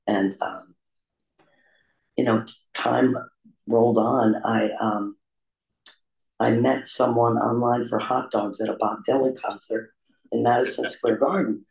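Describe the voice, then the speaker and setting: A man with a gravelly, rough-edged voice tells his own life story in a confessional, self-deprecating way, pausing often on "um". His pitch sits at an ordinary middle height. The recording carries a roomy echo. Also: fairly even intonation, darkish tone. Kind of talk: candid personal recovery story.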